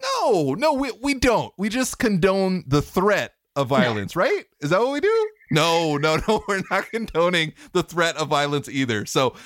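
A man co-hosting a podcast in casual chat, telling stories with lots of jokes and sudden jumps into high mock voices. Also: moderate pace, few pauses, no echo, clean studio sound. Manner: animated, jokey storytelling with swings into high mock voices. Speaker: podcast co-host.

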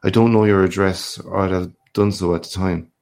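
Brief: male reader as a worldly, back-slapping journalist, deep gravelly voice, expansive storybook swagger. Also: fairly even intonation, moderate pace, a little mellow. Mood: hearty. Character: boastful worldly Irish journalist, man, middle-aged.

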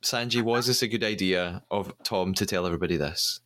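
A man's voice: low voice, fairly quick. Man recapping a reality show. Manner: animated storytelling, laughs often. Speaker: podcast host. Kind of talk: casual podcast recap.

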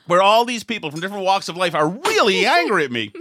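A middle-aged man telling a rambling, self-mocking story in a casual chat, often restarting and acting out angry shouts. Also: high voice, no echo. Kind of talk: casual anecdote.

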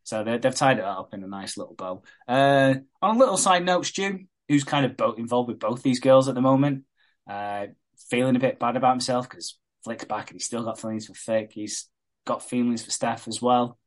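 A man, co-hosting a podcast, retelling a soap plot in a casual, animated way and swearing freely. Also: medium pitch, moderate pace. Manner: animated retelling, swears a lot, laughs often. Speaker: podcast co-host recapping a soap.

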